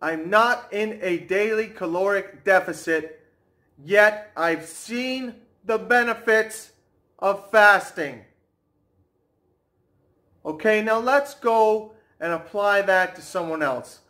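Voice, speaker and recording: A man ranting to camera as a fitness vlogger, brash and mocking, slowing right down to stress his points. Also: high voice, pushed and bright. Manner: brash, mocking, slows down for emphasis.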